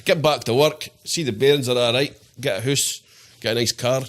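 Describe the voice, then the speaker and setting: A man's voice: mid-range voice, moderate pace. A Scottish man with a Dundee accent, telling blunt, sweary stories as a podcast guest in casual chat. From Scotland. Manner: blunt, sweary storytelling with acted-out quotes.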